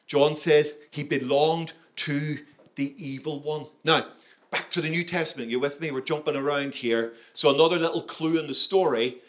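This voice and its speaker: Male pastor, sermon delivery, slightly raised pitch, punchy and interactive with the congregation. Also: fairly bright tone. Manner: emphatic, engaging, asks the audience questions.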